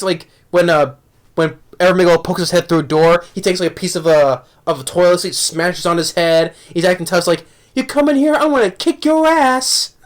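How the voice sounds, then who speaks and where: Young man, slightly high voice, rambling casual movie review, laughs a lot. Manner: rambling, many restarts and laughs, acts out quotes in a high voice.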